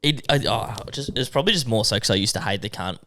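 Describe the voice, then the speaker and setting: A man's voice: on the low side, lively intonation, fast, pushed and bright, no echo. An Australian man co-hosting a podcast, swearing often and joking in casual chat. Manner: swears often, teasing banter. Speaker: podcast co-host.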